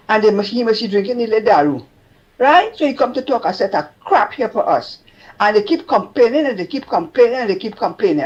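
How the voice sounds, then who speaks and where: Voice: mid-range voice, darkish tone. A caller with a Trinidadian accent, talking in a chatty, indignant way and often addressing the host by name. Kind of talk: call-in talk. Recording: dull lo-fi call-in line.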